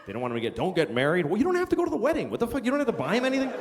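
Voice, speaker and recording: A middle-aged man doing a stand-up comedy set, ranting and profane, now and then shouting in put-on voices. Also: very high-pitched, wildly swooping pitch, racing, slight background noise. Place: comedy stage before a live audience. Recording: live hall with long reverb, faint crowd.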